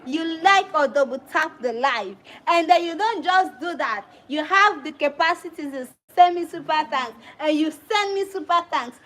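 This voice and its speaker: A woman's voice: high voice, animated, unhurried, few pauses, fairly bright tone, poor audio. A young woman from Sierra Leone with a Krio-tinged English accent, hosting a casual livestream and talking straight to her viewers, slipping into Krio phrases now and then. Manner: chatty, addresses viewers directly, drops into Krio phrases. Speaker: livestream host.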